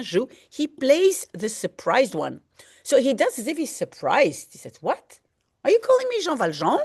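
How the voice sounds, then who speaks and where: A woman's voice: mid-range voice, a little mellow, dry recording, studio quality. A woman language teacher reading a French novel aloud and patiently translating it line by line, explaining vocabulary and often saying "hein".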